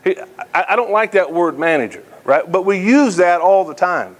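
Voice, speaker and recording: A middle-aged man giving a motivational speech, telling folksy, animated stories and checking in with the crowd. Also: high-pitched, normal speed. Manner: folksy, animated storyteller, addresses audience with "right?". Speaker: keynote speaker.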